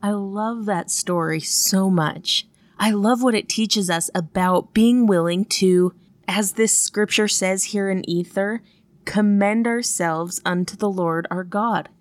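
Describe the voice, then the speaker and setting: A woman's voice: mid-range voice, slow pace, dry recording. A woman teaching a scripture lesson in an earnest, emphatic way, building points through repetition. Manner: earnest and emphatic, stacking repeated phrases. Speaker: gospel study teacher. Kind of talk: devotional lesson.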